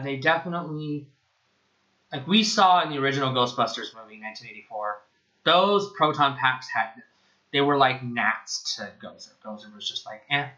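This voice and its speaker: Sarcastic, bright-voiced man ranting casually. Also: medium pitch, lo-fi sound. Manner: sarcastic, profane, rambling. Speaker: film reviewer podcaster. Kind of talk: casual spoken review.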